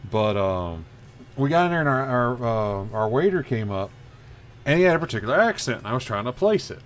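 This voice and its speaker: A man chatting on a livestream while he draws, wandering through long anecdotes and cursing casually. His voice sits at an ordinary middle pitch. A faint hiss of noise sits under the recording. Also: sing-song, a little fast. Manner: rambling storyteller, swears freely. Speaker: livestream host drawing. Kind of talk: casual chat while drawing.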